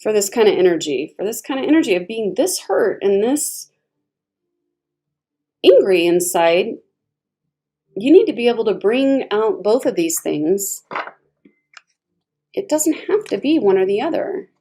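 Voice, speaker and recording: A woman gives a casual tarot reading in a mellow, warm voice. She is chatty and expressive, laughing often and talking as if to a friend. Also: medium pitch, measured pace, long pauses. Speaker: tarot reader.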